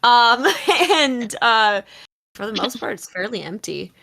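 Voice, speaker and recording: A woman's voice: fairly high pitch, very animated, takes it slowly, creaky, sharp tone. A woman narrating as game master of a tabletop game, describing scenes loosely with many fillers. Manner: rambling, many fillers and laughs.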